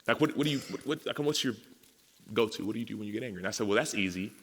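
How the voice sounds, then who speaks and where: A man's voice: on the low side, racing, slightly rough. Man telling a story in a hall. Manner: storytelling, acts out dialogue, grows emotional and animated. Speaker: speaker at a men's summit. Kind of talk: personal testimony talk. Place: large hall with audience. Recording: reverberant hall.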